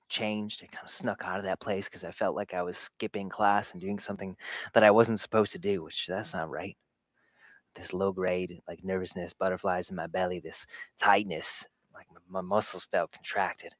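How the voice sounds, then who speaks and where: A man with a lowish voice tells his own story to a live audience, candid and self-deprecating. He lingers on small physical details and laughs easily. The sound is dry and close, with no room around it. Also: fairly even intonation, moderate pace, no echo. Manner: recounts sensations in vivid detail. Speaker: host of a live show for dads. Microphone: camera setup in a home recording space.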